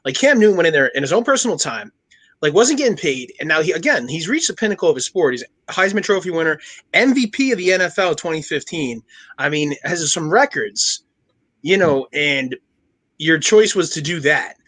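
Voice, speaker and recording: A man co-hosting a casual podcast, talking sports quickly with lots of fillers. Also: on the high side. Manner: quick, animated sports talk with many fillers. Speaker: podcast co-host. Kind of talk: casual chat.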